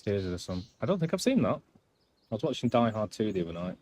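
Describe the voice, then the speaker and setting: A man's voice: on the low side, very animated, fast talker, a little mellow. A man doing casual gameplay commentary on a live stream, rambling and self-deprecating as he chats.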